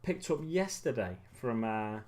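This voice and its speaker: A man's voice: mid-range voice, very animated, unhurried, a little mellow. Guy rambling through a chill hobby stream, lots of ums, kinda tired, regular mid voice. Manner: rambling and musing, many ums and self-corrections. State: getting tired. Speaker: hobby livestream host. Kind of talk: casual chat while building miniatures.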